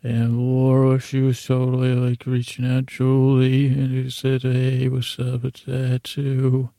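A man hosting a podcast, telling a rambling bedtime story in a low-key, drowsy, meandering way. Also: monotone, slow pace, gravelly, dark tone, no echo. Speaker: podcast host.

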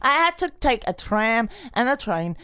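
A woman's voice: fairly high pitch, big pitch swings, moderate pace, pushed and bright, clear, resonant tone, no echo. A woman voicing a grumbling, aggrieved leprechaun who rants about a missing pot of gold. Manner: aggrieved rambling rant.

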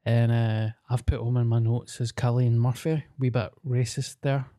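A Scottish podcast co-host trades casual banter, telling self-mocking stories against himself. He speaks at a moderate pace in a medium-pitched, level, mellow voice.

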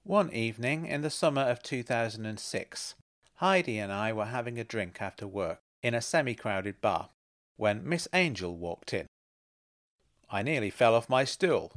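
Narrator for a serialized mystery: a man, mid pitch, wry and reflective first-person telling. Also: lively intonation, normal speed, a bit bright, dry recording, clean studio sound. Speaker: narrator and author.

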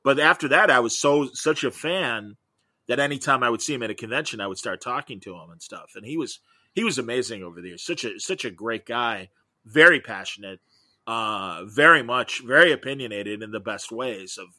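Bright, eager middle-aged man storyteller. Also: medium pitch, animated, fairly quick, no room sound. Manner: enthusiastic, rambling storyteller. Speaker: guest, comics podcaster. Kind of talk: casual interview chat.

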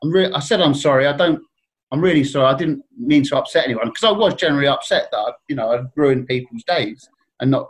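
A man spins a long anecdote in loose, easy chat. He rambles, restarts and laughs at his own mishaps. His voice sits at an ordinary middle pitch. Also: fast talker, husky. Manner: rambling, self-deprecating, laughs often. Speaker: guest telling stories. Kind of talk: casual storytelling.

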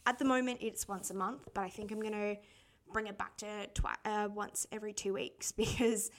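A woman's voice: mid-range voice, fairly even intonation, brisk. A young adult Australian woman hosting a podcast, telling personal stories in a candid, casual way. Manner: chatty and candid, laughs often while telling stories. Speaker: podcast host.

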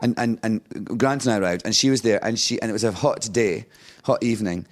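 A Scottish man in his fifties, a guest on a talk show, chats casually in a fairly low voice at a fairly quick clip. He tells anecdotes with energy, acting out the voices of the people in his stories and laughing often.

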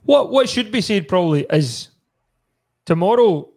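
A man's voice: high-pitched, lively intonation, measured pace, gravelly, a little mellow. A man with a Scottish accent hosting a football podcast in casual, laughing, sweary banter. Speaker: podcast host. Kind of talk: casual chat.

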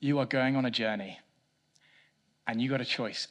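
A man preaching a sermon, swinging between loud emphatic lines and quiet low ones, with a self-mocking touch. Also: moderate pace, long pauses. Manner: animated preaching, rising loud for emphasis then dropping soft. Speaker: pastor.

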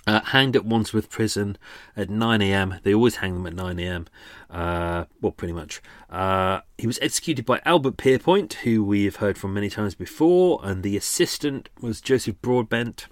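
A man's voice: on the low side, lively intonation, normal speed, no echo, clean studio sound. A man hosting a true crime podcast, rambling casually with many fillers and restarts, a little out of breath. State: slightly out of breath. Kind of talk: casual unscripted narration.

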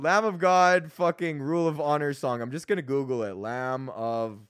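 A man's voice: a little high, fairly even intonation, moderate pace, a bit bright, clean tone, dry recording, clean studio sound. A young man from Canada hosting a podcast, ranting casually, swearing a lot, rambling and laughing often. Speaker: podcast host.

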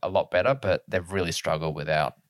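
A man's voice: low voice, a little fast, dry recording, studio quality. A young man, co-hosting a casual podcast, laughing often and swearing freely. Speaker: podcast co-host.

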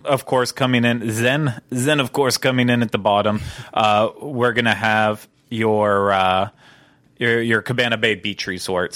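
A man's voice: mid-range voice, fairly bright tone, no echo. A young man hosting a casual podcast, chatty and enthusiastic with many fillers. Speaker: podcast host.

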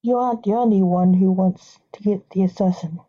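A woman's voice: mid-range voice, fairly quick, lo-fi sound, close to an everyday voice. A woman voicing a blunt middle-aged father in her own plain reading voice.

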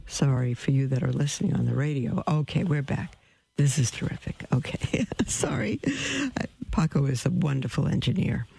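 A woman hosting a call-in radio show, telling stories in an animated way and acting out the voices of the people in them. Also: extremely low pitch, moderate pace, creaky, husky, no echo. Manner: animated, acts out quoted voices, laughs often.

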